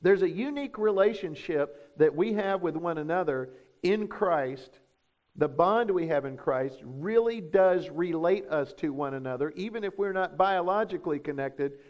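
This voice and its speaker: A pastor preaches in a fairly high voice, leaning on his words and throwing rhetorical questions at the room. The sermon recording sounds dull and lo-fi. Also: a little mellow.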